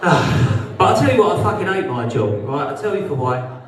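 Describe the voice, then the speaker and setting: A man's voice: on the high side, animated, normal speed. Essex man on stand-up, raised voice that swings up and down, crude crowd banter, roomy club sound from far off. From Essex, England. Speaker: stand-up comedian. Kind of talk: live stand-up set. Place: social club stage. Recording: echoey club room, mic from far off.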